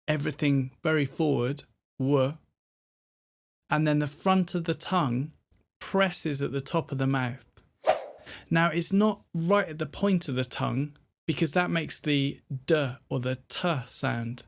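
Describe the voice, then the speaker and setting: Slow, gravelly British man teaching pronunciation. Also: fairly high pitch. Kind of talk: pronunciation lesson.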